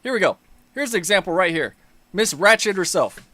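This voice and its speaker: Angry, high-voiced man ranting with profanity. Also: expressive, fairly quick, sharp tone. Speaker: commentary channel host. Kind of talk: ranting political commentary.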